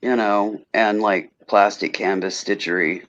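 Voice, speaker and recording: A man co-host in casual chat, relaxed and hesitant with many fillers. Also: on the low side, unhurried. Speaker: podcast co-host. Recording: dull lo-fi recording.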